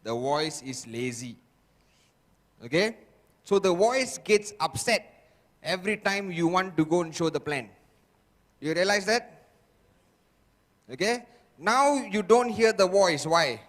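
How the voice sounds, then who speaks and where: A man speaks slowly and deliberately at a motivational seminar and keeps turning questions on the audience. His voice sits high. A long hall reverb rings behind him. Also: animated. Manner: fires rhetorical questions at the audience.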